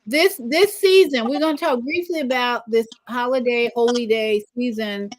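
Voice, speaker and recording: Animated woman host, slightly high voice. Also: moderate pace, low-quality recording. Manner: animated, acts out greetings in a lively higher voice. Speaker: talk show host. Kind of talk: casual livestream chat.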